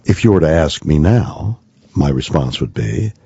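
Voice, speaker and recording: A man with a very low, slightly husky voice recounts a story as a guest on talk radio. He takes his time, pausing and filling gaps as he goes. The audio is dry and a little dull. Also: sing-song, dark tone, no echo. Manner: deliberate storyteller with many pauses and fillers. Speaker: guest actor. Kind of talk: radio talk-show anecdote.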